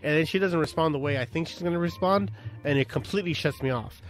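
A man chatting casually on a podcast about relationships, cursing freely and telling stories with sudden loud outbursts. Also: fairly high pitch, quick pace, soft background music. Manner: profane, animated storytelling with sudden shouted outbursts.

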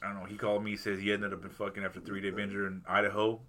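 A man's voice: fairly low pitch, monotone, rapid-fire, a bit bright, a little hiss or hum. A man joking crudely in casual chat.

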